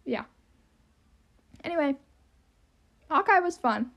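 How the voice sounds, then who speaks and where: High squeaky-voiced young woman rambling. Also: expressive, slow pace, creaky, a bit bright. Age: young adult. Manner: rambling, heavy on "um" and "like", self-deprecating asides. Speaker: podcast host. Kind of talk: casual solo podcast rambling.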